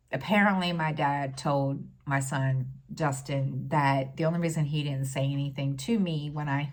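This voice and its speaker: A middle-aged woman talking in a casual personal vlog, halting and full of fillers, close to tears. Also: deep voice. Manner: halting, many fillers and restarts. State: tearful, near crying. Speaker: stitching vlogger.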